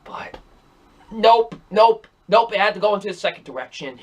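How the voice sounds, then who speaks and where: A man's voice: high-pitched, lively intonation, normal speed. A young man reviewing movies in a casual, rambling and exasperated way, repeating himself often. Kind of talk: casual ranking video.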